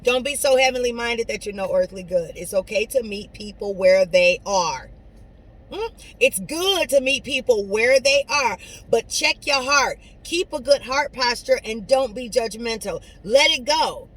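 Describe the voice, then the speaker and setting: A woman's voice: fairly high pitch, lively intonation, a little slow, a bit bright, low-quality recording. Preachy woman giving a pep talk. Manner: preachy and conversational, with emphatic swings up and down. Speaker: motivational speaker. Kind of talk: inspirational monologue to camera.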